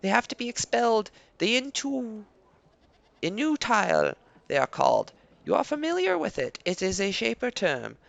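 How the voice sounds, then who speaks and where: A man's voice: high voice, very animated, normal speed, vocal fry, fairly bright tone, no echo, exaggerated voice. A man voicing a wary male servile villager in a fantasy game, speaking in a stiff, formal, warning way.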